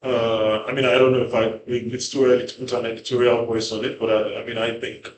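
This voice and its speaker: A man's voice: medium pitch, little pitch movement, brisk. A man in a panel discussion, thinking aloud with many fillers and restarts. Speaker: panel guest. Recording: roomy with faint background ambience.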